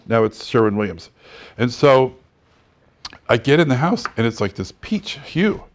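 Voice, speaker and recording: A man's voice: medium pitch, unhurried. A man teaching a real estate class, telling stories and acting out the dialogue with frequent laughter. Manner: animated storyteller who acts out dialogue and laughs often. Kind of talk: classroom lecture with anecdotes.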